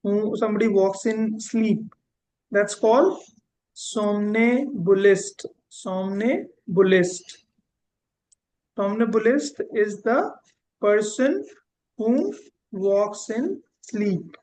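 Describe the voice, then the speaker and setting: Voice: mid-range voice, slow pace, darkish tone, a little hiss or hum, rough recording. A teacher giving a vocabulary lesson, repeating each word and drawing out key terms. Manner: repeats words, spells them out and drags out key terms. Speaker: English teacher.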